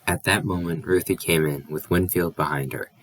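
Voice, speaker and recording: A man's voice: sits low, fairly even intonation, moderate pace, fairly bright tone, slight background noise. A man reading a novel aloud as an audiobook, with small slips and restarts. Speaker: audiobook reader.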